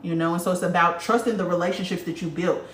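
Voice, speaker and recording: A woman hosts a casual spiritual stream, reading out what viewers write in a lowish voice at a quick pace. Expect plenty of cursing and a blunt, animated delivery, recorded in a roomy space at a distance from the microphone.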